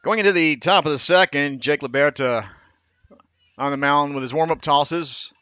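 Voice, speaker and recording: A man calling baseball play by play in a steady, measured way, now and then correcting himself. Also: on the high side, smooth, no room sound, muffled recording. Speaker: play-by-play announcer.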